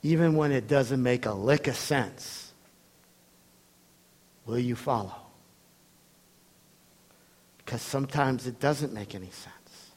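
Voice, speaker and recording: A man preaching a sermon, telling a story with animated voices and frequent laughs. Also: medium pitch, slow, long pauses, breathy edge.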